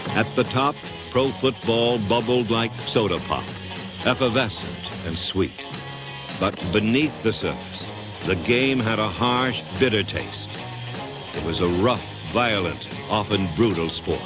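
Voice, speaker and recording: A man giving dramatic, measured scripted documentary narration. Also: lowish voice. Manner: dramatic, measured, emphatic delivery. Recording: narration over loud music score.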